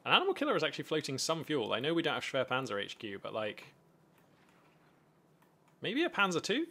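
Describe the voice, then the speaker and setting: A man giving animated live commentary on a strategy game from a home streaming setup, thinking aloud with frequent restarts. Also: fairly high pitch, brisk, husky.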